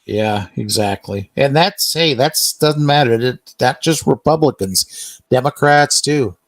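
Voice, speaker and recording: A man co-hosting a casual political chat on the radio, hesitant and filling pauses before making his point. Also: medium pitch, animated, no room sound. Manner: hesitant, many fillers before getting to the point. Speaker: radio show co-host.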